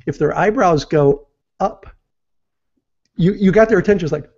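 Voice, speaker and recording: A man's voice: sits high, unhurried, pauses often, darkish tone. A man giving business advice as an interview guest, explaining step by step and acting out example phrases. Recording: muffled lo-fi audio.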